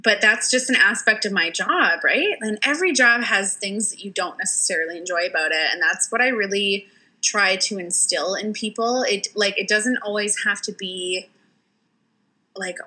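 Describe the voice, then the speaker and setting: A young adult woman hosting a casual podcast chat, animated and emphatic, laughing often. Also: medium pitch, normal speed, low-quality recording. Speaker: podcast host, sex worker.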